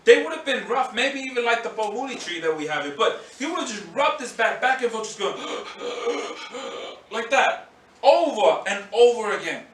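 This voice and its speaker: Here a male pastor speaks a little fast in a very high voice, giving a sermon and bringing scenes and characters to life with animated acting. His words echo through the church hall, recorded from a distance.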